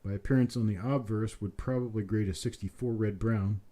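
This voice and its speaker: A man with a low voice runs a live coin auction, repeating each bid in a steady calling rhythm. His tone is mellow and dark, a little rough tonight, and he breaks off into relaxed, joking asides before going back to calling bids. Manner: repetitive rapid bid calling, chatty asides. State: slightly rough voice. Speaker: auctioneer and host.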